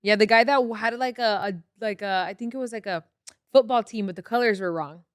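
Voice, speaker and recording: A woman's voice: on the high side, a little fast, smooth, no room sound, clean studio sound. A woman co-hosting a casual podcast, a stand-up comedian who rambles and trips over her words with lots of fillers. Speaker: podcast co-host. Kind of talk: casual chat.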